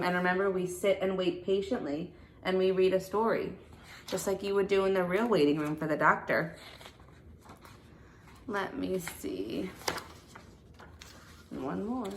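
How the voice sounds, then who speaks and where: A woman teacher reading a children's picture book aloud to her class, animated and playful. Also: medium pitch, fairly quick, a little hiss or hum. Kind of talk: read-aloud storytelling for children.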